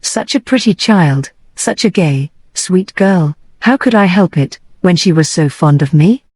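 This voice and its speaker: An earnest young man pours out an emotional confession about his lost sister, voiced by a woman reading an audiobook. The voice sits low and mellow, close and dry. He speaks with urgency and deep feeling. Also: expressive, measured pace, husky, no room sound.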